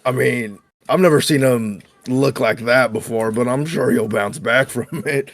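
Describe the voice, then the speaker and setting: A man's voice: mid-range voice, a little slow, no echo. A man playing a tabletop game, talking in an easygoing, laid-back way with chuckles. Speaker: player. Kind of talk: tabletop role-play.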